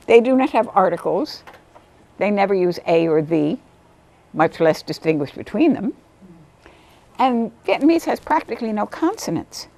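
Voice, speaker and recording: This storytelling interview features a volunteer literacy tutor, a woman recounting tales of her students with real energy. Now and then she performs their words, raising her voice higher as she quotes them.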